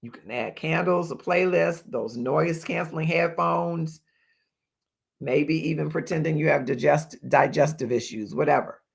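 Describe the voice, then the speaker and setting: A livestream host with a fairly high, creaky voice speaks at a measured pace while giving advice live. He's emphatic, repeats his main points, and reads viewer comments aloud, thanking people by name.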